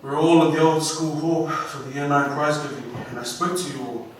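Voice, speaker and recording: A man with a New Zealand accent giving an inspirational graduation speech, slow and emphatic, heard from far off through a hall's speakers. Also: on the high side, fairly even intonation, a little hiss or hum. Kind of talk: ceremonial speech. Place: large school hall. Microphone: PA microphone, recorded from the audience. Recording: echoey hall from far off.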